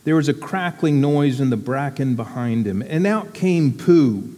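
A man giving a sermon to his church community in a reflective, unhurried, deliberate way. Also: mid-range voice, animated, mellow, big-room sound.

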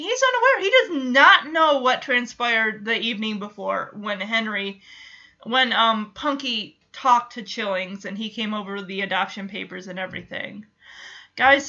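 A woman's voice: fairly high pitch, pushed and bright, highs cut off. A woman hosting a reaction video, recapping a TV episode and talking emphatically and with exasperation straight to viewers.

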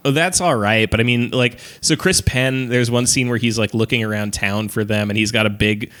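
A man's voice: mid-range voice, normal speed, a bit bright. A man on a podcast casually recapping a movie plot, rambling with lots of fillers and laughing as he retells scenes. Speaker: podcast co-host.

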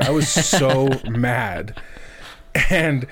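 A man's voice: mid-range voice, takes it slowly. Swearing man telling a rambling story. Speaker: podcast co-host. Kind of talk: casual chat.

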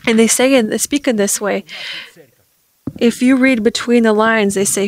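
A woman preaching a sermon, reading Scripture aloud and getting loud at emphatic points. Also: on the high side, steady tone, moderate pace, low-quality recording.

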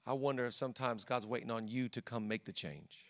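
A male pastor preaching a sermon in a church, energetic and emphatic, rallying the congregation. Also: medium pitch, brisk, big-room sound.

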